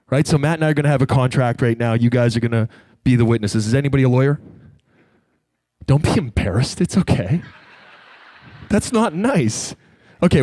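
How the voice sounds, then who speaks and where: A man stands on a stage and tells a personal story to a live audience, acting out the voices of the people in it. His voice is mellow and warm, and the sound is dry and close to the mic. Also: medium pitch, dry recording. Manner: animated, acts out quoted voices. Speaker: speaker.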